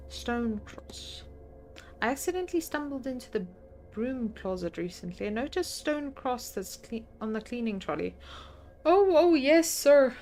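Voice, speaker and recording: A woman streaming a mystery game and reading its dialogue aloud in a quick, chatty way. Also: a little high, lively intonation, darkish tone, soft background music.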